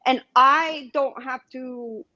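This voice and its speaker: A woman co-hosting a livestream chat, speaking bluntly and swearing freely. Her voice is a little high and dry. Her audio comes through slightly dull and muffled. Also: fairly even intonation, slow, bright, forceful tone, no echo. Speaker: co-host guest.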